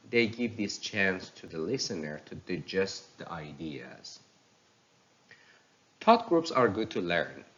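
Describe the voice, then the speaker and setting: A man teaching pronunciation in a recorded lecture, explaining slowly and reading example sentences aloud. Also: sits low, fairly bright tone, dull audio, a little hiss or hum.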